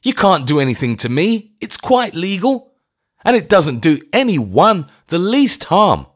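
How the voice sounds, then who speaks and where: A man putting on a doddering old vicar, voice pushed up high and loud, breathless and giddy, lively swings in pitch. The old clergyman pleads between gasps, caught out yet enjoying it. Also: a little slow, full character voice. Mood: panting, gleeful. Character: elderly male vicar, flustered then gleeful.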